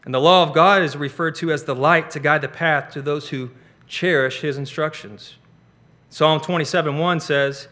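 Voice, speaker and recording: Guy giving a sunday sermon, earnest and punchy, kinda high bright voice. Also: fairly even intonation, normal speed. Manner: earnest, emphatic expository preaching with repeated phrases. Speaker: preacher.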